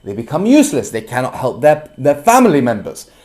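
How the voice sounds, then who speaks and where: A young man giving an earnest, preachy personal monologue, slow and emphatic, sometimes bursting into loud yelling. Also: medium pitch, wildly swooping pitch. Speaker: self-development vlogger.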